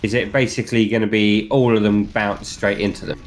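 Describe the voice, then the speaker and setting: A man's voice: lowish voice, little pitch movement, fairly quick. A man co-hosting a casual gameplay commentary, making dry remarks and asking questions. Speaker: co-host.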